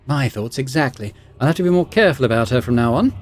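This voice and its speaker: A man's voice: mid-range voice, sing-song, quick pace, few pauses, soft background music. A man hosting a let's play, reading the game's text aloud with wry asides and some hesitations. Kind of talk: reading game text and commenting.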